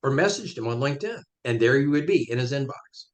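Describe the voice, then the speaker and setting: A man's voice: medium pitch, lively intonation, brisk. A man, a guest on a podcast interview, explaining his points emphatically with step-by-step examples.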